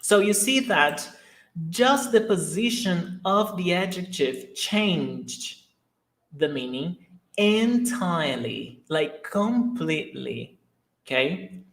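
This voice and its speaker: A man teaches a live online lesson at an unhurried pace. He explains patiently and answers viewers' questions as they come in. His voice carries a roomy echo. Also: high-pitched, lively intonation, fairly bright tone. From Brazil. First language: Portuguese. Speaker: Portuguese teacher.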